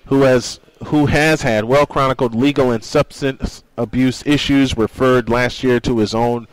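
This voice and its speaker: A man's voice: mid-range voice, fairly even intonation, unhurried, no echo, rough recording. A man hosting a sports radio show, speaking earnestly in a monologue and reading quotes aloud.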